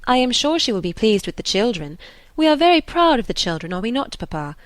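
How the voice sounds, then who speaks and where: A woman voicing a confident, clever young lady in an audiobook, brisk and reassuring. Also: fairly high pitch, sing-song, dry recording, voice pushed up. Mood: assured.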